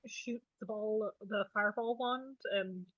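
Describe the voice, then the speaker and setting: A woman's voice: medium pitch, a little slow, a bit bright, no room sound, poor audio. A woman playing in a tabletop game, speaking in a hesitant, tentative way. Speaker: player. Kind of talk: casual tabletop game chat.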